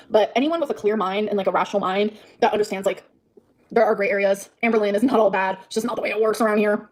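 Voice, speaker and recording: Fast-talking woman in an angry rant. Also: medium pitch, rough recording. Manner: heated, profane, venting. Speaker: livestreamer.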